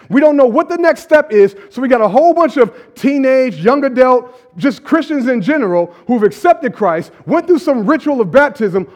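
A man with a high voice preaches a sermon in a loose, conversational way, using slang along the way. He builds his points through rhythmic, emphatic repetition. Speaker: pastor.

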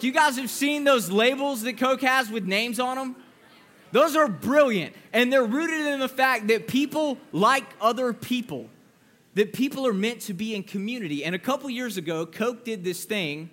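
A young male youth pastor speaks with a high, ringing voice. He preaches in a loose, playful way, joking with the crowd and putting on voices to make his point. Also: a bit bright. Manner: playful, jokey, acts out voices. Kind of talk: youth sermon.

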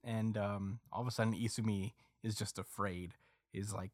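A man's voice: fairly low pitch, fairly even intonation, moderate pace, no echo, clean studio sound. A man on a podcast recapping a story chapter in casual chat, rambling with lots of fillers. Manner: rambling recap with many fillers, acting out quotes.

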